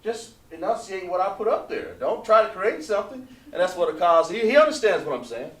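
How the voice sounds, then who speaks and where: A man teaching an online language class, patient and repetitive, drawing out words slowly to model pronunciation. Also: sits high, expressive, far from the mic. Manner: patient, repeats points, drawn-out slow pronunciations. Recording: echoey room, voice away from mic.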